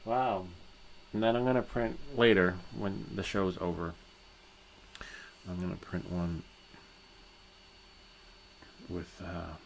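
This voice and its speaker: A man's voice: low voice, fairly even intonation, slow, creaky, pauses often, a little hiss or hum, low-quality recording. A man hosting a live stream, chatting casually and rambling, laughing easily.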